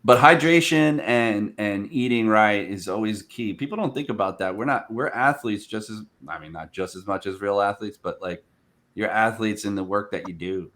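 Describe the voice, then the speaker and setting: A man with a fairly low voice hosts a casual interview. He tells stories with lots of energy and acts out the voices of the people in them. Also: normal speed. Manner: animated storyteller, acts out quoted speech. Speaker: podcast host.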